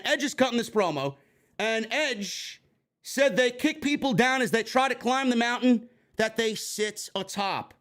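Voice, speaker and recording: A man from New York hosting a wrestling review livestream, swearing constantly and breaking into excitable shouting. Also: very high-pitched. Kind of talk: casual profane live commentary.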